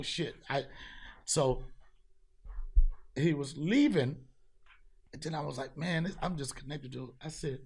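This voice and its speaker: A man hosting a podcast, telling a street story in casual chat, profane and animated, acting out the people he met. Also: fairly high pitch, vocal fry, husky. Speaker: podcast host.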